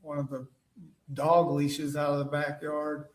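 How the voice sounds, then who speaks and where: A man testifying as a witness in court, halting and full of fillers and restarts. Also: a little high, completely flat delivery. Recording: echoey courtroom audio from far off.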